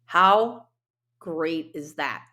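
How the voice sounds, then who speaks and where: Earnest woman podcast host, lowish voice. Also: lively intonation, drawn-out words, bright, forceful tone. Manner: earnest, heartfelt, chatty with many fillers. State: briefly emotional. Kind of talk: solo motivational podcast talk.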